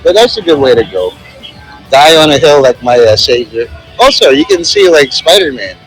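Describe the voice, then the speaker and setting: A man's voice: mid-range voice, sing-song, normal speed, faint music behind, low-quality recording. A man vlogging on a city plaza outdoors, rambling and joking into a handheld phone. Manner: rambling and joking, many fillers. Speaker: street vlogger. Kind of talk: casual walking commentary.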